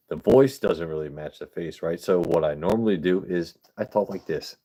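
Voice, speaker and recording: Man, very deep voice, livestream host, casual rambling chat, profane. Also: moderate pace, hardly any pauses, mellow. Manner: rambling, profane, chatting with viewers.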